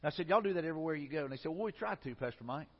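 A man's voice: on the high side, expressive, rapid-fire. A man, a pastor giving a sermon in a conversational way, often repeating and restarting his phrases. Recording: muffled sound in a reverberant hall.

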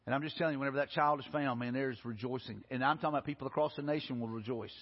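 A man's voice: mid-range voice, racing. A male pastor, preaching a sermon in an earnest way, often restarting and repeating words. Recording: dull recording in a reverberant hall.

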